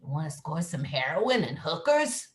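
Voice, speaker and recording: A woman's voice: deep voice, sing-song, normal speed, reverberant. A woman voicing a pushy, sardonic woman on a stoop, read as improvised comedy over a video call. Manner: pushy, sardonic street heckling.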